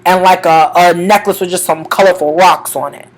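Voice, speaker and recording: A woman's voice: on the low side, moderate pace, poor audio. A young woman tells stories from reading tarot on the street in a loose, casual vlog. She swears freely and slips into each person's lines as she retells them, playing both sides of the exchange. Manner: profane, animated, acts out both sides of conversations.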